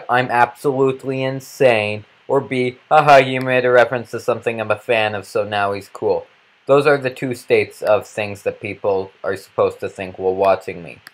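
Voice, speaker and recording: Goofy low-voiced man rambling over a game. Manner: goofy, rambling, random outbursts. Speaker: let's play commentator. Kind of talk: rambling gameplay commentary.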